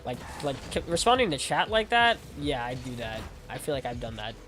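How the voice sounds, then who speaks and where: A man's voice: medium pitch, big pitch swings, brisk, fairly bright tone, soft background music. A young man talking casually to his stream chat while gaming, rambling with lots of "like" and repeated words. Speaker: game streamer.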